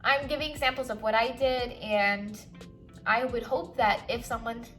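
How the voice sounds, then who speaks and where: A woman's voice: fairly high pitch, fairly even intonation, moderate pace, bright, forceful tone, faint music behind. A young woman talking frankly and chattily while doing her makeup, a doctor vlogging. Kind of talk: casual get-ready-with-me chat.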